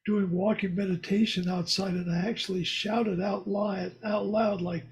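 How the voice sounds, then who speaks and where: A man's voice: sits high, steady tone, moderate pace, gravelly, slight background noise. A man telling a story in a casual group discussion over a video call, rambling and laughing as he talks. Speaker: course participant.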